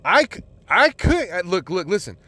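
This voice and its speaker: A man sits alone behind his podcast mic, venting his grievances in a loose, rambling stream full of swearing and fillers. His voice sits a little higher than most men's, and the sound is dry with no room echo. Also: sing-song, normal speed, sharp tone. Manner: exasperated, heavy swearing, rambling with many fillers. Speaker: podcast host. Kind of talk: profane solo podcast rant.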